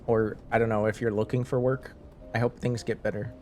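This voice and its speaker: A man's voice: mid-range voice, little pitch movement, fairly quick, warm tone, a little hiss or hum. A man chatting casually with viewers on a live stream, rambling, laughing and restarting his sentences.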